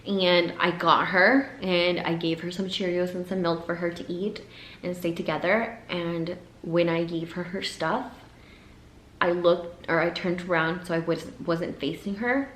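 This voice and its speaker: A young woman telling a personal story to her viewers, emotional and halting, her voice sometimes dropping to a whisper. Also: lowish voice, steady tone, fairly bright tone, a little hiss or hum. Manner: emotional, pausing, voice breaking into whispers. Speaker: vlogger. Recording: echoey room, faint ambience.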